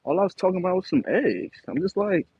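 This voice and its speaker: A man's voice: high voice, expressive, quick pace, gravelly, darkish tone, husky, dull audio. A man with an East Coast American accent, joking around in a playful casual monologue and laughing often. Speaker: comedic vlogger.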